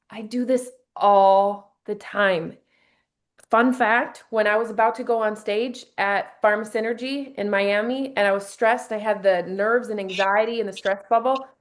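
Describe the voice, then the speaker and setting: An upbeat woman leads a small workshop group, coaching them through slow breathing and talking about focus and leadership. Her voice sits at an ordinary middle pitch, and her delivery is friendly and encouraging. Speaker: team leader running a workshop. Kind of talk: motivational workshop talk.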